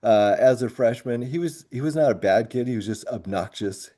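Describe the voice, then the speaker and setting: A man with a mellow, warm-toned voice recounts a story from his years as a coach. He tells it in an animated, lively way and keeps breaking into laughter. His pitch sits at a middle level for a man. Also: normal speed. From grew up moving around as a military kid. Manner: animated storyteller who laughs often through his tale. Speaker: high school track coach and teacher. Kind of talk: storytelling in a podcast interview.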